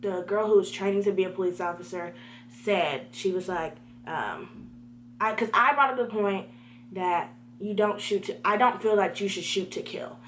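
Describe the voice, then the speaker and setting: A young woman telling a storytime vlog, animated and talking straight to her viewers. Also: medium pitch, normal speed, a little hiss or hum. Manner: animated, talks to viewers directly.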